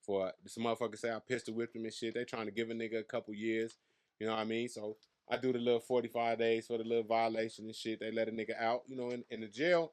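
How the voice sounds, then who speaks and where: A man in his thirties from Las Vegas, a comedian guest telling brash, profane stories in a casual interview. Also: mid-range voice. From Las Vegas, USA. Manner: brash, profane, boastful storyteller.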